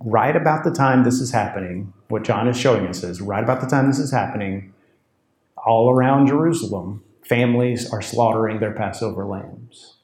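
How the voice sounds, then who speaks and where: A man's voice: on the low side, normal speed, darkish tone, echoey room. A man preaching a sermon, telling the story with animation and voicing the people in the text. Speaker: pastor.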